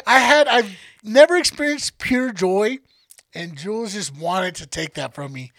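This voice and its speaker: A man's voice: high-pitched, a little slow, no room sound. A man co-hosting a podcast, telling a childhood story casually, swearing a lot and acting out the people in it. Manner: profane, animated storyteller acting out quotes. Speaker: podcast co-host.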